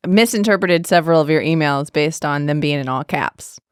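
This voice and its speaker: Woman, podcast co-host, smooth voice, dry close sound, animated storytelling. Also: deep voice, fairly quick, no room sound. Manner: animated storyteller with many fillers. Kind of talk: casual interview chat.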